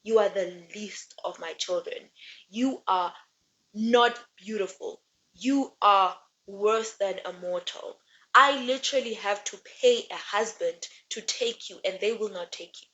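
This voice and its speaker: A woman voicing a cold, contemptuous father sun god who speaks slowly and cuttingly. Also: mid-range voice, bright, forceful tone, lo-fi sound. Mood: scornful.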